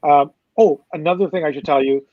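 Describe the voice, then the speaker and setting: Fast-talking man telling a promoter story. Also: fairly high pitch, no echo, highs cut off. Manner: fast, loose, profane anecdote telling. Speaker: concert promoter, guest. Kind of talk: casual storytelling.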